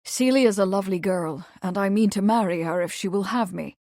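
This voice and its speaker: A woman's voice: mid-range voice, a little fast, a little mellow, dry recording, studio quality, natural voice. A woman doing a stiff young guardsman. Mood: firm. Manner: firm, clipped, then awkward. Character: young male royal guard, stiff and dutiful.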